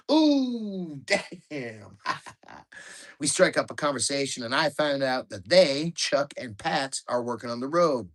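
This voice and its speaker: A man reading his own memoir aloud in a calm, measured, matter-of-fact way. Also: mid-range voice. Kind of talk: audiobook memoir narration.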